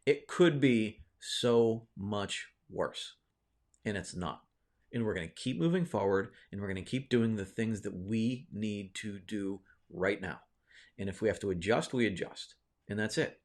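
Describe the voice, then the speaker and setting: Speaking a little slowly, with a fairly low pitch and lively intonation, this video host shares a personal story. His delivery rambles casually with many fillers, restarts and frequent "right?" check-ins, in a reflective, encouraging manner.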